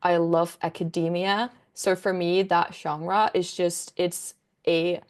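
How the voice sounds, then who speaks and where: A woman's voice: lowish voice, level tone, slow pace. A young woman, a book content creator, chatting as a guest in a casual interview, rambling enthusiastically with lots of fillers.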